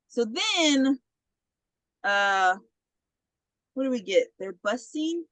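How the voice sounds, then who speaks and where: A woman's voice: sits high, very slow, pauses often, no room sound, low-quality recording. A young woman co-hosting a podcast, retelling a movie in casual chat and acting out the characters' lines. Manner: animated retelling, acts out characters' lines, frequent "like". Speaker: podcast co-host.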